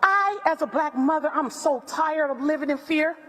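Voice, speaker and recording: Middle-aged Southern woman, fairly high voice, impassioned speech at a podium, long hall reverb. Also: normal speed, pushed and bright. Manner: emphatic, repeats phrases for effect. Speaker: family friend speaking at press conference.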